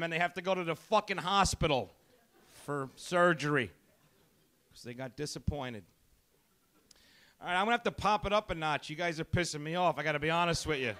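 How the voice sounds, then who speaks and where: A man's voice: high voice, bright, forceful tone. A male stand-up comedian in a comedy club, abrasive and profane, taunting the audience. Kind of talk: stand-up set.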